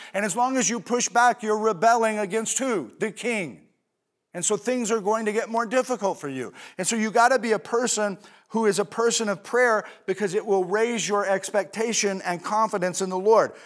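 A man's voice: high voice, moderate pace, a bit bright. A male pastor preaching a sermon in a conversational way, asking rhetorical questions and answering them himself, with fillers and asides.

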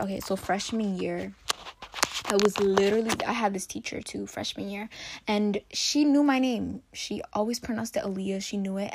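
This teenage vlogger's voice is mid-range, a little mellow and slightly rough, recorded without echo. She chats rambling-style about something personal, peppering it with "like" and "literally."

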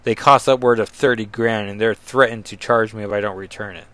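A man's voice: fairly low pitch, steady tone, fairly quick, fairly bright tone, dry recording, natural voice. Man voicing an earnest young heroine writing home; plain, dry read.

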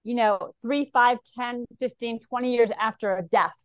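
A woman guest on an interview show talks about her work as a psychic medium, animated and quick to act out the voices of the people she describes. Her voice sits a little high. The sound is dry and close, with no room around it. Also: no room sound, highs cut off. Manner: animated, acts out clients' voices in quotes. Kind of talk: conversational interview talk.

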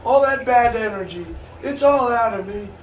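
A man putting on a frantic chicken voice, chanting in a high sing-song over a noisy background. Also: normal speed, echoey room, far from the mic. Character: frantic clucking chicken purging bad energy.

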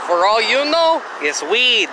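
High gravelly man, crude mock-insult banter, noisy street recording with traffic. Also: sing-song, a little slow. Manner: trash-talking, mock insults, slips into Spanish slang.

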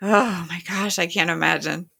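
A woman's voice: lowish voice, steady tone, moderate pace, gravelly, bright, forceful tone, breathy edge. A woman retelling a TV episode in casual chat, quoting the characters with "he's like" and laughing along. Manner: retells scenes with "he's like" quotes and giggles.

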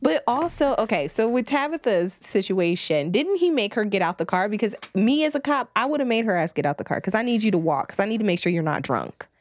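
A woman's voice: medium pitch, expressive, fairly quick, few pauses. A woman co-hosting a casual book chat, blunt and emphatic, chiming in with short agreements. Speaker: book podcast co-host.

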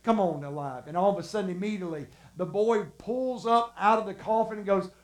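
A preacher in full sermon mode, swinging from booming shouts to near-whispers as the stories play out. The voice is neither high nor low and rings with a roomy echo. The delivery is lively and theatrical. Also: brisk. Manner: animated, acts out the stories with shouts and drops to a hush.

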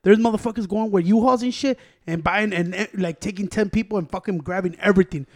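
A man with a strikingly high voice rattles off his stories quickly. He co-hosts a crude, casual chat, teasing his friends and swearing at every turn. His talk rambles from one tale to the next. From Chicago area, USA. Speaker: podcast co-host.

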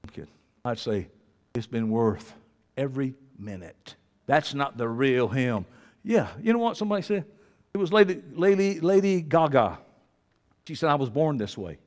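A man preaching a sermon in a church, swinging from low, quiet talk to loud shouting. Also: big pitch swings, moderate pace. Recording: long hall reverb.

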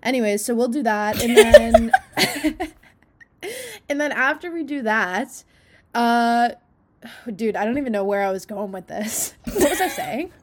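A young woman with a fairly high voice chats loosely on a podcast. She rambles, laughs often and sounds a little tipsy. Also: lively intonation, a little slow, pauses often, a little hiss or hum. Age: young adult. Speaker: podcast co-host. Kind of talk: casual chat.

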